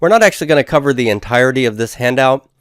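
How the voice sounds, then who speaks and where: A man teaching a recorded lesson in a methodical way, repeating each word slowly for his students. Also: mid-range voice, expressive, dry recording, clean studio sound. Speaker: Hebrew instructor. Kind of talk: recorded lecture over handouts.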